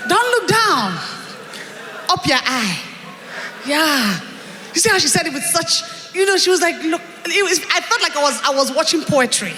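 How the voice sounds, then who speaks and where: A bubbly Nigerian woman emcees a live event, cracking jokes and playing with words. Her voice is high and bright. It carries through a PA with the long echo of a big hall. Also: lively intonation, normal speed, a little hiss or hum. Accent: Nigerian English. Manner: bubbly, joking, playful with made-up words. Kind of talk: live stage hosting.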